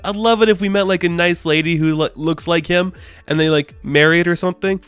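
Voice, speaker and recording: A man's voice: fairly high pitch, steady tone, brisk, fairly bright tone, smooth, no room sound, faint music behind. A man who reviews comic books, talking casually with lots of enthusiasm and rambling asides. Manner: enthusiastic, rambling, frequent "like" fillers.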